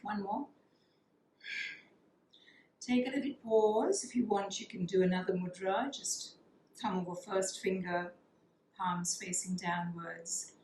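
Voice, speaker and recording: A woman teaching a yoga class, guiding breathing practices in a calm, soothing way and counting the breaths. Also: medium pitch, slow, pauses often, a little hiss or hum. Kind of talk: guided yoga breathing instruction. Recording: echoey room with faint ambience.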